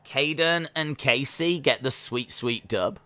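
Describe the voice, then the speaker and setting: A man hosting a casual live watch-along stream, calling the action and answering chat questions, sometimes jumping into high-pitched disbelief. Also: slow. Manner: breaks into high-pitched disbelief when excited. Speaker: live stream reaction host.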